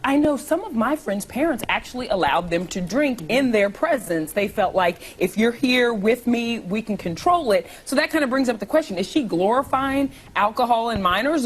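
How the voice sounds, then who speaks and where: Female news commentator, husky, chatty. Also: fairly high pitch, very animated, normal speed, few pauses. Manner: chatty, explaining.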